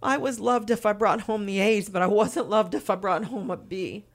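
A woman's voice: mid-range voice, steady tone, moderate pace. A woman telling her personal faith testimony as an interview guest, earnest and candid.

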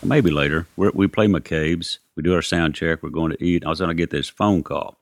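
Deep-voiced rambling male storyteller. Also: a little fast, no room sound, studio quality. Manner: rambling, acts out quotes, lots of "you know". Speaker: musician telling anecdotes. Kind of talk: casual storytelling.

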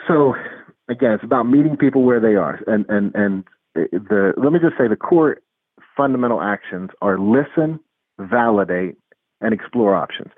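A man's voice: fairly low pitch, no echo. Earnest man on a tinny phone line. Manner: earnest, animated, acts out dialogue in retelling. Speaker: guest, anger management specialist. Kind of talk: interview talk, storytelling.

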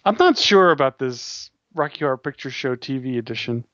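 A man's voice: medium pitch, lively intonation, brisk, a bit bright, dry recording. A man co-hosting a casual late-night podcast chat, making dry, matter-of-fact remarks. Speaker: podcast co-host. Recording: dull lo-fi dry recording.

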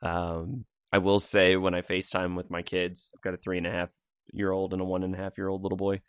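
A man with a low, deep voice chats loosely as a podcast co-host, laughing often between rambling asides. The mic sits close and the sound is dry, with no room around it. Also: completely flat delivery, a little fast, clear, resonant tone, no echo. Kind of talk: casual podcast chat. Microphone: pop filter mic.

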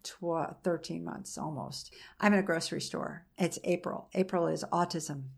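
Middle-aged woman guest, low gravelly voice, candid storyteller. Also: fairly even intonation, normal speed, darkish tone. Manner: frank, personal recounting with restarts. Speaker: interview guest, mother of an autistic son.

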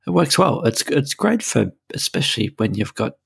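A man's voice: medium pitch, very animated, moderate pace, creaky, fairly bright tone, slightly rough, no room sound, clean studio sound. A middle-aged man co-hosting a casual chat, hesitant, full of ums and restarts. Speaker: podcast co-host.

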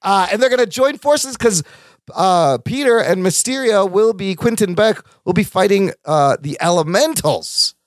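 Male podcast host, high lively voice, excitable, cursing often, dry close sound. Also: moderate pace, no echo. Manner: animated, excitable, swears freely. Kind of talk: casual chat.

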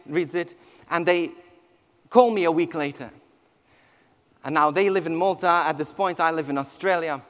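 A man, a priest, telling a personal testimony with emotional storytelling that swings from hushed to near shouting. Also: a little high. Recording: long hall reverb.

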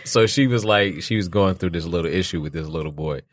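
A man's voice: deep voice, brisk, no room sound. A middle-aged man in a casual chat, talking bluntly and with emphasis, swearing freely while he tells a story.

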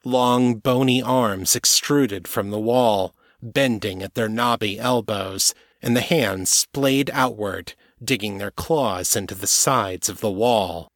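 A man narrating an audiobook chapter in a steady, even storytelling manner. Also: on the low side, slow pace, few pauses, no room sound, clean studio sound.

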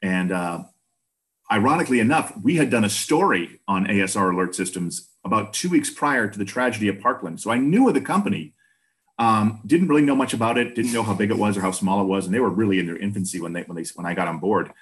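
A lower-pitched man in his fifties from Boston tells long, animated stories as an interview guest. He slips into other people's voices as he goes. He has the easy pacing of a seasoned broadcaster. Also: fast talker. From Boston, USA. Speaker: guest, former news broadcaster. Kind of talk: casual interview storytelling.

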